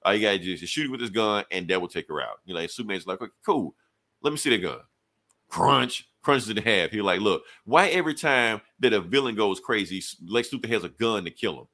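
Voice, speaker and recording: A young man co-hosting a podcast, retelling a comic book story in casual chat, acting out characters' lines with swearing and quick asides. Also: fairly low pitch. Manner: animated storytelling, casual profanity, quick quoted dialogue. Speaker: podcast co-host reviewing comics.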